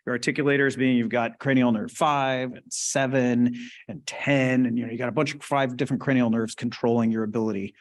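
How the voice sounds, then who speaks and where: A man's voice: medium pitch, fairly even intonation, brisk. A man giving a conversational lecture in a webinar, casually explaining and often checking in with "right?" and questions to the audience. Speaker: webinar presenter.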